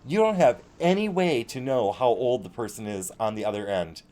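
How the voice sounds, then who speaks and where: A man's voice: mid-range voice, normal speed, warm tone. A man hosting a casual live-stream chat, ranting bluntly with swearing. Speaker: show host.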